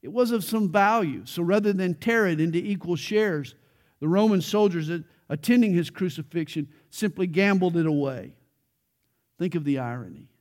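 A man's voice: high voice, moderate pace, darkish tone. A man preaching a verse-by-verse Bible sermon, earnest and building to emphatic peaks, with light jokes along the way. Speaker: pastor.

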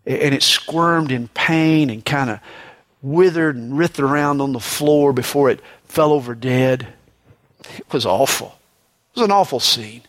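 A man preaching a sermon in a conversational way, often adding "you know", raising his voice for emphasis and dropping it low and slow on solemn points. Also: a bit bright.

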